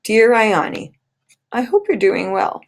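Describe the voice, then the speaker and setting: Woman teacher, unhurried, careful, pause-heavy delivery for a recorded lesson. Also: a little high, sing-song. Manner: slow, deliberate, stressing pauses.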